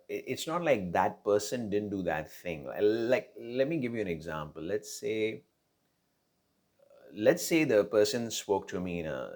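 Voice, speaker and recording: A man with an extremely low voice talks through relationship advice in a loose, unscripted way. His voice has a gravelly, fry-laden edge. He keeps restarting phrases and checks in with the listener by asking "right?" again and again. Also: darkish tone. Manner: conversational, many fillers and restarts, frequent tag questions. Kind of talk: casual spoken advice monologue.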